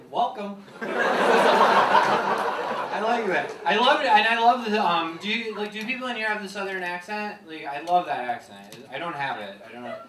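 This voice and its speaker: A man's voice: high voice, animated, moderate pace. A man hosting a comedy show on stage, doing playful, laughing crowd work and joking at his own expense. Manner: playful, laughing, self-deprecating banter. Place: large theater on stage. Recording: echoey hall, distant mic, loud crowd. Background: loud audience laughter.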